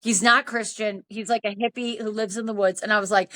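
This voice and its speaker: Bright-voiced woman in her fifties. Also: medium pitch, fast. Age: 50s. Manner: animated, acts out quoted dialogue. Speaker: podcast host. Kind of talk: casual storytelling chat.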